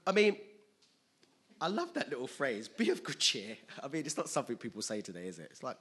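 A man preaching a sermon in an animated way, acting out scenes with sudden loud outbursts. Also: medium pitch, a little fast.

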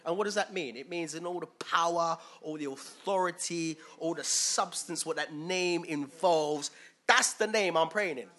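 A man's voice: a little high, normal speed, pushed and bright. A man giving an informal, conversational sermon, often asking his listeners questions. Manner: conversational, asks listeners questions, acts out quoted voices. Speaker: preacher.

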